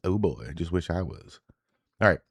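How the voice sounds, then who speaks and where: Deep-voiced blunt profane man. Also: lively intonation, moderate pace, husky, dry recording, clean studio sound. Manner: blunt, profane, rambling with restarts. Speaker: show host reacting to social media posts. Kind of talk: casual live reaction commentary.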